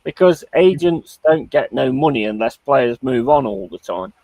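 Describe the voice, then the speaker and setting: A man's voice: medium pitch, expressive, moderate pace, darkish tone, dry recording, poor audio. A British man hosting a live stream, chatting casually, reading out chat comments, swearing and laughing easily. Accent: British English. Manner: laid-back, swears, laughs often, reads chat aloud. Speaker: streamer host. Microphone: streaming mic.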